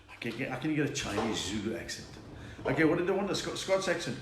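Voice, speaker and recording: South African comedian in an echoey room. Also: male voice, mid-range voice, big pitch swings, fast. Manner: chatty, answers viewers' requests. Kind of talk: live-stream joke chat. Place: home during lockdown. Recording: echoey room, faint noise.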